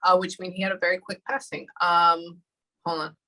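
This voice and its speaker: A woman in her thirties giving a spirit reading, talking haltingly and thinking aloud with many pauses. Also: lowish voice, flat delivery, bright, forceful tone, poor audio. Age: 30s. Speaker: psychic medium.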